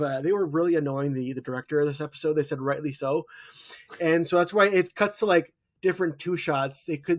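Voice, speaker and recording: A man in his thirties co-hosting a podcast, recapping a TV episode in casual chat and acting out quoted lines as he tells it. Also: on the high side. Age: 30s. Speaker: podcast co-host.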